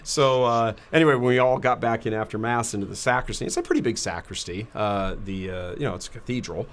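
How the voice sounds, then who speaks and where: A man's voice: mid-range voice, fast talker, a little hiss or hum. A man in his fifties telling an anecdote as a guest in a casual chat, laughing often. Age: 50s.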